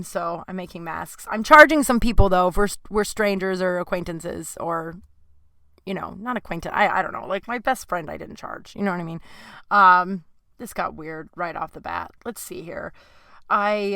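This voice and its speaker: Her voice sits fairly low, bright and forceful, with no echo. Hosting her own podcast alone, this woman from California rambles casually and candidly, piling on fillers and breaking into sudden fits of exasperation.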